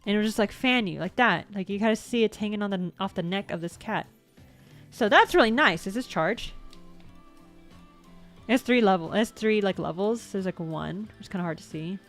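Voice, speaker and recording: A woman VTuber vlogger from the United States, medium-pitched and moderately paced, casually shows off things she bought. Her talk rambles with self-corrections along the way and an odd curse word here and there, over faint music.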